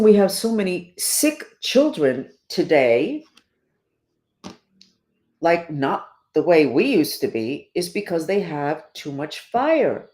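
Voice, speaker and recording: With a lowish, dark voice and a sing-song lilt, this middle-aged podcast host takes her time while preaching emphatically to listeners in a casual spiritual chat. She has the hiccups, and the room gives off a noticeable echo.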